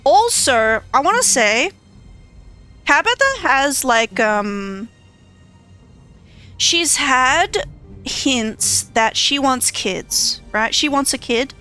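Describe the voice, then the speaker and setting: A woman with a bright, crisp, fairly high voice gives casual let's-play commentary on a story game. She reacts in outbursts, swears freely and laughs a lot. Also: sing-song, extremely slow, long pauses, soft background music. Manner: exclamatory and profane, often laughing. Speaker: game streamer.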